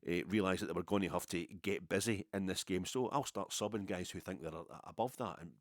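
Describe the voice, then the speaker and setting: A middle-aged Scottish podcast host with a very low voice rambles briskly through a story at his own expense, his casual talk sprinkled with swearing. The recording is close and dry, with no room sound.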